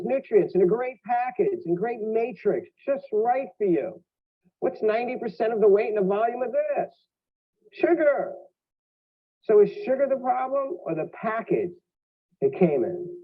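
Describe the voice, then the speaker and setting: A man giving a live health lecture with props, joking and asking the audience questions. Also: high voice. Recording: tinny phone-like archive audio.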